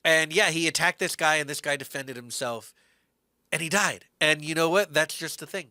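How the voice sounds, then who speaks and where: A man's voice: on the high side, moderate pace, pushed and bright, dry recording, clean studio sound. A man co-hosting a podcast, earnestly and animatedly recapping a TV show in casual chat. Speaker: podcast co-host.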